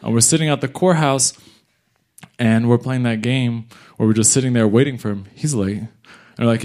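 A man doing stand-up storytelling, animated and slangy, jumping in and out of character voices. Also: mid-range voice, a little fast. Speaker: stand-up comedian.

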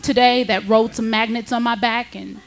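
Candid, animated woman comedian sharing a story. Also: normal speed, vocal fry, a little hiss or hum. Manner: candid, animated, jumps high in pitch for quoted voices, laughs between lines. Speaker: stand-up comedian. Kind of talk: personal storytelling on stage.

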